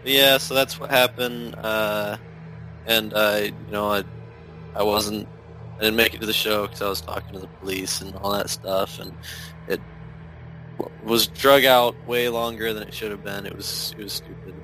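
A man co-hosting a casual chat, talking in a halting, easygoing way and laughing often. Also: lowish voice, steady tone, pushed and bright, faint music behind, rough recording.

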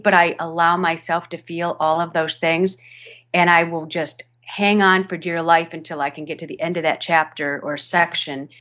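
Low-voiced woman narrator chatting animatedly. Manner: animated, laughing, with many fillers and restarts. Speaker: audiobook narrator. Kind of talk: podcast interview chat. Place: home studio over a video call.

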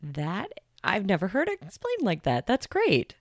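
A woman's voice: medium pitch, wildly swooping pitch, measured pace, no echo, clean studio sound. A woman hosting a casual interview, affirming her guest with short reactions and follow-up thoughts. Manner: warmly affirming, brief reactions.

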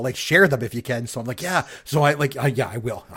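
A middle-aged Canadian man co-hosting a podcast, chatting casually and telling rambling, excitable stories. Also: mid-range voice, quick pace, breathy edge. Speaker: podcast co-host. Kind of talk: casual chat.

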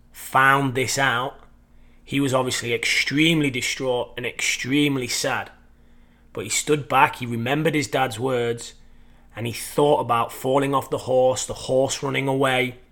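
A male podcast host telling a motivational story. He speaks slowly and deliberately, stressing key words, in a voice of middling pitch. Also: pushed and bright. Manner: deliberate, emphatic delivery.

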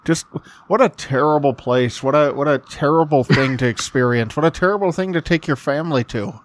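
A man's voice: a little high, fairly quick. A man co-hosting a podcast, chatting casually and joking at his own expense, often laughing as he talks. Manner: self-deprecating, laughing. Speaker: podcast co-host. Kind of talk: casual chat.

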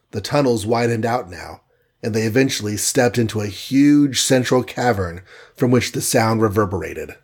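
A man narrating an adventure storybook aloud in a steady, dramatic reading. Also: lowish voice.

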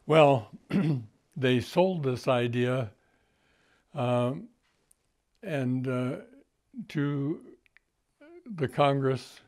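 An older man being interviewed, recalling past events slowly, with frequent fillers and restarts. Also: medium pitch, darkish tone. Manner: halting, many fillers and restarts. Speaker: interview guest.

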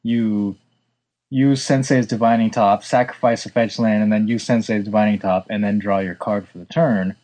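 A man co-hosting a casual podcast chat, wry and joking, with quick asides, on a close mic. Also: lowish voice, fairly even intonation, a little mellow, rough recording. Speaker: podcast co-host.

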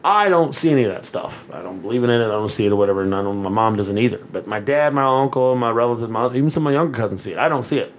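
A man's voice: medium pitch, animated, very fast, few pauses, a little hiss or hum. Laughing, profane man telling a story. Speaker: podcast co-host. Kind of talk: casual storytelling chat.

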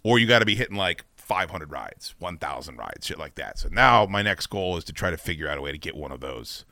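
A middle-aged man hosting a talk radio show, chatting in a loose, rambling way and swearing freely. His pitch moves all over the place and his tone is bright and forceful. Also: a little fast, no room sound. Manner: animated, profane, rambling.

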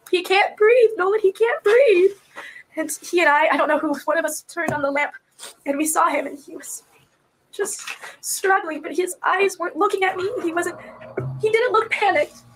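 A woman, a mother, recounting events in a recorded police interview, distraught and soft-voiced, her voice often breaking into tears. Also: sits high, a little hiss or hum, rough recording. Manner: soft-voiced, quiet when upset. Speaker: mother being questioned by police.

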